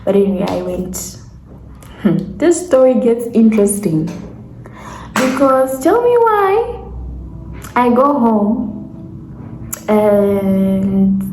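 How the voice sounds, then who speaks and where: A woman in her twenties from Zambia tells a casual story to her vlog audience, with animated laughing asides and acted-out quotes. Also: medium pitch, slow pace, a little hiss or hum. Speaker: vlogger. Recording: echoey room with faint ambience.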